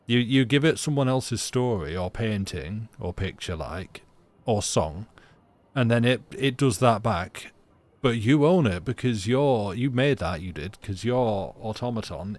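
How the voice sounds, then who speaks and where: A man streaming a story game, chatting sarcastically in a halting, rambling way and reading game text aloud. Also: lowish voice. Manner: rambling, halting, full of restarts, sarcastic jokes.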